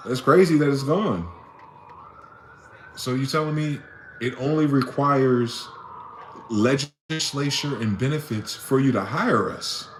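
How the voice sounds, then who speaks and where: A man's voice: mid-range voice, takes it slowly, pauses often, slight background noise. Heated man ranting in an echoey room. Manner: heated, profane, full of rhetorical questions. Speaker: vlogger. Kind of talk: impassioned solo rant.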